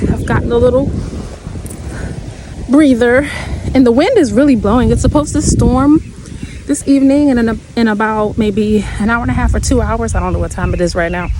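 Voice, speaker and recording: A woman's voice: a little high, noisy background. A woman chatting casually as she walks outside, a little winded and laughing often. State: slightly winded. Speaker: vlogger. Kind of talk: casual walking vlog chat. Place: outdoors in a hilly neighborhood.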